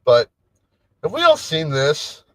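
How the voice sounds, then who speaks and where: A man hosting a laid-back solo stream, rambling and restarting his sentences. His voice leaps around in pitch as he reacts. The sound is dry and close to the mic. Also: takes it slowly, no room sound, rough recording. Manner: rambling, animated, trails off and restarts. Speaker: livestream host. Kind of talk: casual solo stream chat.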